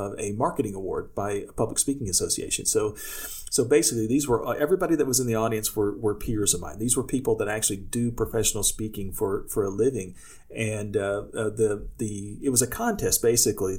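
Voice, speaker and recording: A husky-voiced man who coaches public speaking talks casually for his podcast. He tells stories from his own career in a loose, rambling way, often restarting his sentences and acting out what people said. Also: on the low side, a little mellow. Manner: tells personal anecdotes, acting out quoted speech.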